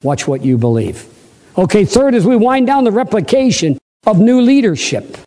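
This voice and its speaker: Guy preaching a sermon, acts out the bible voices big, kinda high but mellow voice, echoey hall. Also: sing-song, normal speed. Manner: dramatic, acts out scripture voices with big pitch swings. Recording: long hall reverb.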